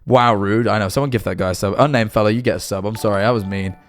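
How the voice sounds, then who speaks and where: A man's voice: fairly low pitch, fast talker, soft background music. A man livestreaming and reacting to videos, rambling with lots of fillers, getting worked up and then sheepish. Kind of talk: casual live-stream commentary.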